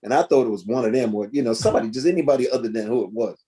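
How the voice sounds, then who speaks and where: Man telling a lively story, mellow voice. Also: mid-range voice, rapid-fire. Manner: animated storyteller acting out quoted voices. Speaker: guest drummer. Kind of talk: storytelling in a video call interview. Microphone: video call. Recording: choppy internet connection.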